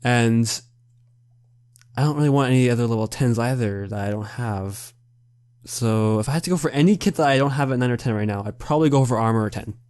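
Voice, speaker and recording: A man's voice: medium pitch, fairly quick, darkish tone, clear, resonant tone, dry recording, studio quality. A young man hosting a casual Q&A over voice chat, laughing often and rambling through his answers. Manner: giggly, rambling, self-mocking. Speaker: channel host answering questions.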